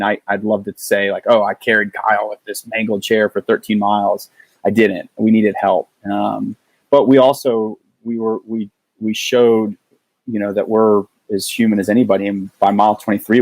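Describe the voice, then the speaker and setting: Guy on a podcast telling a long story, kinda low voice, lots of um and restarts, dry close mic. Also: darkish tone, no echo, rough recording. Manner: halting, many restarts and fillers. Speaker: podcast guest. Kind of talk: casual storytelling.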